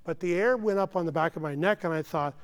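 A man's voice: fairly high pitch, fast talker. A man preaching a sermon as pastor, earnest and emphatic, often tossing in "okay" asides. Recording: long hall reverb.

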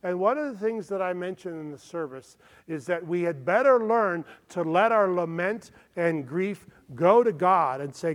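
A man with a high voice preaches a sermon as a pastor, earnest and often asking his listeners to follow along. His words ring out in a large hall with a long reverb tail. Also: expressive, normal speed.

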